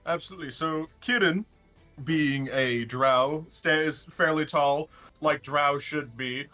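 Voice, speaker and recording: Young man, player, bright voice, casual, rambling. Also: fairly high pitch, slow, faint music behind. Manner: relaxed, describes his character with restarts. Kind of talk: casual game chat.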